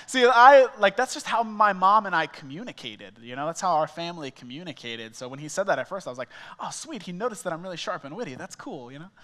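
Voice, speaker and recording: A man's voice: fairly high pitch, very animated, fairly quick, fairly bright tone. A young man preaching a sermon as a small groups pastor, telling stories in a conversational, self-mocking way. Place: church auditorium. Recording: reverberant church hall.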